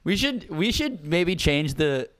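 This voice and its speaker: Smooth-voiced male co-host, giggly, jumps in with riffs. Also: on the high side, big pitch swings, takes it slowly, fairly bright tone. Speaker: podcast co-host. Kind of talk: casual comedy chat.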